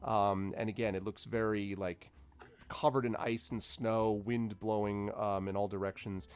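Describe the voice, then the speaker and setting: A man's voice: on the low side, level tone, a little slow, clear, resonant tone. A man narrating as game master of a tabletop game, rambling with many fillers.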